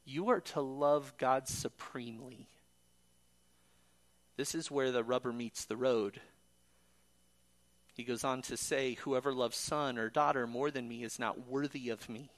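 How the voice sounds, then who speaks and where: A man's voice: mid-range voice, fairly even intonation, a little slow, long pauses. A man preaching a sermon in an earnest way, quoting scripture and building to emphatic peaks.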